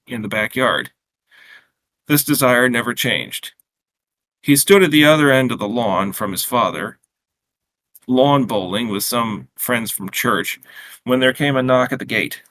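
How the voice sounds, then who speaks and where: Bright-voiced man reading his story aloud. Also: fairly low pitch. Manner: steady, unhurried storytelling with small slips and restarts.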